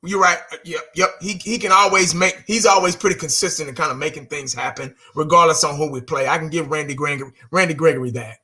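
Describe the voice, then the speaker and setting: Man, casual fan rant, bright sharp voice, slightly high. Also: steady tone, quick pace, hardly any pauses. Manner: blunt, exasperated, repeats himself, laughs and curses. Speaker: fan vlogger.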